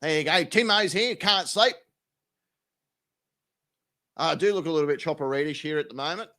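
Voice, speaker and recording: Pitched a little high and delivered at a moderate pace, this man's voice has a sharp tone. An Australian streamer, he reads out comments and chats loosely with his audience. Swearing and laughter run through his jokey back-and-forth with chat.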